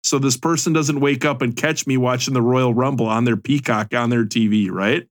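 A man's voice: mid-range voice, steady tone, moderate pace. A man co-hosting a podcast, chatting in a playful way and asking questions. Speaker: podcast co-host. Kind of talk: casual chat.

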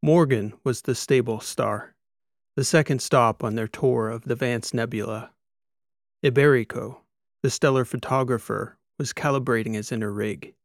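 A man narrating a science fiction audiobook in a steady, storytelling manner. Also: mid-range voice, normal speed, no echo, clean studio sound. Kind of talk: scripted narration.

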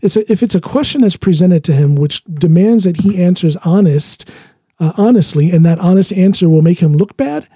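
A man's voice: high voice, expressive, moderate pace, warm tone, breathy edge, no room sound. A man hosting a podcast, talking casually and earnestly, repeating his phrases as he makes his point. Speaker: podcast host. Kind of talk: casual chat.

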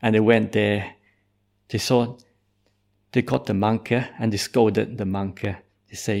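A Buddhist monk tells a story in a dharma talk, speaking in halting phrases that nearly always end in "eh". His voice sits low and carries a noticeable gravelly fry. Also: fairly even intonation, darkish tone. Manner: hesitant, tags nearly every phrase with "eh".

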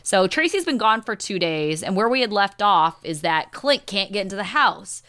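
A woman's voice: medium pitch, big pitch swings, normal speed, fairly bright tone. A woman co-hosting a casual podcast chat, emphatic and chatty, often saying "you know". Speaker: podcast co-host; teacher. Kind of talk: casual chat recapping a reality show.

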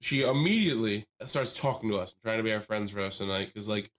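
A lowish-voiced man talks at a quick pace while co-hosting a laid-back podcast. His long, animated story is full of laughs and acted-out voices.

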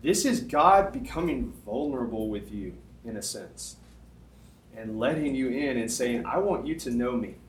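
A middle-aged man preaching as a youth pastor, animated and conversational, often checking in with "okay?". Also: medium pitch, moderate pace. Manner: animated, conversational, self-deprecating, frequent "okay?". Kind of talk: sermon. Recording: echoey room.

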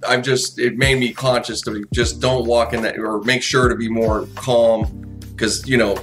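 A man's voice: mid-range voice, little pitch movement, a little slow, fairly bright tone, soft background music. Rambling, profane man telling stories. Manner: rambling, profane storytelling with many restarts. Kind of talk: casual chat.

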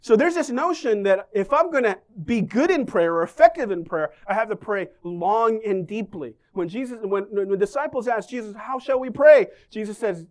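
A man delivering a sermon in a casual, humorous way. His pitch swings widely as he moves between jokes and points. He often turns to the congregation with questions. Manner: lively, joking, asks the congregation questions. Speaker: pastor.

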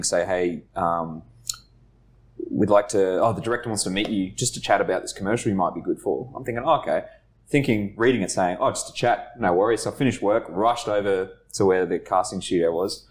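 In a studio, a male podcast co-host tells stories in easygoing chat, laughing at himself and swearing casually. His voice sits low and he talks fast.

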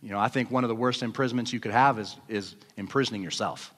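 A male pastor preaching a sermon in a church, fervent and building to shouts. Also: lowish voice, fast talker, big-room sound.

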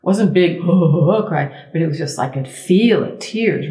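Woman, middle-aged, sound healer guest, low voice, expressive, emphatic repetitions, echoey room. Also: slow pace, hardly any pauses. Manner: expressive, acts out inner thoughts in quoted voices. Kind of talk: conversational interview.

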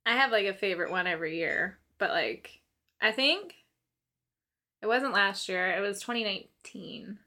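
A woman's voice: medium pitch, normal speed. A young woman chatting casually as co-host, telling stories with lots of laughter and acting out her past self. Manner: animated storyteller, laughs often, acts out her own past voice. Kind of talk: casual chat.

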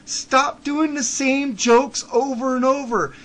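A man hosting a podcast, delivering a blunt, profane rant that swings from low muttering to shouting. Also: fairly even intonation, slow pace. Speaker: podcast host. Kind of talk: ranting monologue.

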